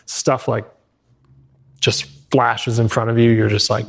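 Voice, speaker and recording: A man hosting a podcast interview, relaxed and affirming, with frequent 'like' fillers. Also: mid-range voice, unhurried, gravelly. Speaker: podcast host. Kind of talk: casual interview chat.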